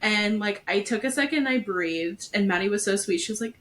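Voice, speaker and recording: A woman's voice: medium pitch, fairly quick, a bit bright, a little hiss or hum. Woman podcast host, candid and conversational, telling her own story. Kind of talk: casual podcast chat.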